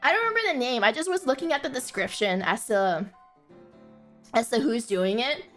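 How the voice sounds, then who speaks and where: A woman live streamer telling stories in casual chat, often breaking into giggles and filling pauses with "like" and "um.". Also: a little high, animated, a bit bright, soft background music. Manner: giggly, bursts into laughter, many fillers.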